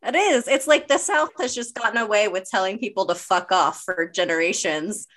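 A middle-aged woman co-hosting a casual podcast chat, an animated storyteller who swears freely and acts out quotes. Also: mid-range voice, moderate pace. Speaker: podcast co-host.

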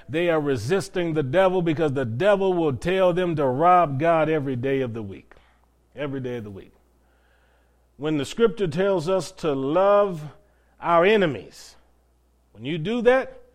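A man preaching a sermon as pastor, asking rhetorical questions and stretching out key phrases for emphasis. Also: fairly high pitch.

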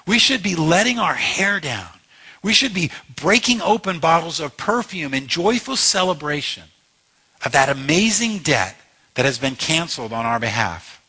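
Male pastor, sermon delivery, bright forceful tone with a husky edge, emphatic and passionate. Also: on the high side. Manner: impassioned, emphatic preaching with repeated phrases.

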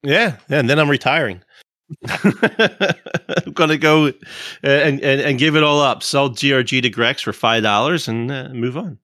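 A man's voice: medium pitch, a little slow, pushed and bright, no echo. A man hosting a gaming podcast, chatting casually and teasing his guests. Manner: joking, teasing. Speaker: podcast host.

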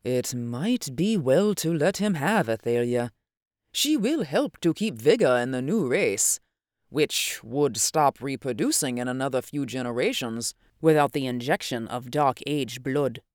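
A grave old scientist, as the reader puts him on in a storybook reading, measured and musing, weighing each line. The sound is dry and close, without room echo. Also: mid-range voice, very animated. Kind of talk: audiobook character reading.

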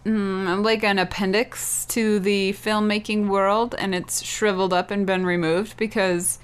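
A woman's voice: mid-range voice, flat delivery, a little slow, clear, resonant tone. A woman in casual podcast conversation with a mid-range voice. She asks pointed questions and makes dry, teasing remarks. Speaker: podcast co-host. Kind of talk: casual chat about films.

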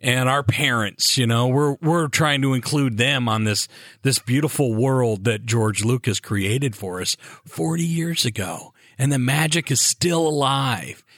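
A man's voice: mid-range voice, a little slow, a bit bright, dry recording, clean studio sound. A man co-hosting a podcast, speaking earnestly and reflectively in casual chat, often restarting his sentences. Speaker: podcast co-host.

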